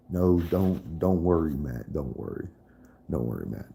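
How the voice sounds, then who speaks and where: A man's voice: a bass voice, vocal fry, warm tone, husky. A man in a casual live stream chat, profane and trash-talking, laughing often.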